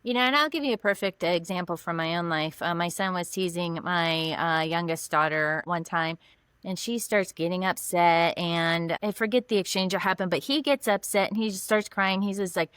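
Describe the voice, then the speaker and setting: A middle-aged woman counselor explaining in a lively conversational way, acting out little dialogues in different voices. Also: lowish voice, normal speed, smooth, no echo, studio quality. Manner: animated, acts out dialogue in voices. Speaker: mental health counselor, guest. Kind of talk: conversational explaining with acted examples.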